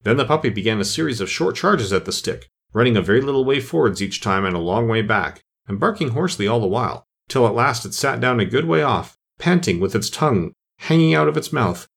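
A man narrating a children's story in an expressive storytelling manner. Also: mid-range voice, brisk, gravelly, few pauses, breathy edge. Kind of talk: audiobook narration.

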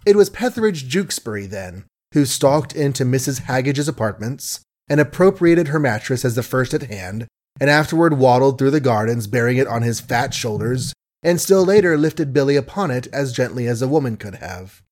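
A man narrating an audiobook in a measured storytelling manner. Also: mid-range voice, animated, darkish tone.

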